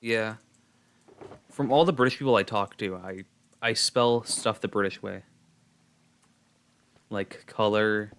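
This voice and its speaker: A man's voice: on the low side, takes it slowly, pauses often, fairly bright tone, clear, resonant tone. Rambling young male streamer. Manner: rambling, many fillers and restarts. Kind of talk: casual chat while gaming.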